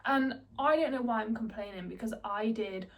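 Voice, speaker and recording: A woman's voice: fairly high pitch, moderate pace. A young woman, chatting to camera as a book vlogger in a chatty, giggly way. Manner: chatty and giggly, with many fillers. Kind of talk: casual chat to camera.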